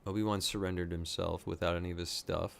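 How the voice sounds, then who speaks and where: A man with a fairly low voice gives a casual running commentary as he reacts to what he watches. He thinks out loud and gushes freely, his excitement spilling into every remark. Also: fast, vocal fry, a little hiss or hum. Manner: excitable, thinking aloud, gushing. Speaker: reaction video host.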